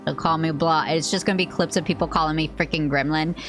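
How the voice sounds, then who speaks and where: A young woman streaming a game, chatting playfully with friends and chat, rambling and swearing with sudden high yelps. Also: steady tone, fast talker, a bit bright, soft background music. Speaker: VTuber streamer. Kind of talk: casual gaming stream chat.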